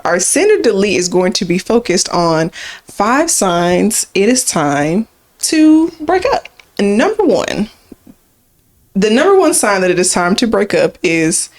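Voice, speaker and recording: A young woman co-hosting a podcast, chatting candidly and sometimes rushing her words. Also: medium pitch. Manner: candid, chatty, laughs easily, sometimes rushes. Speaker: podcast co-host. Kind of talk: casual podcast chat.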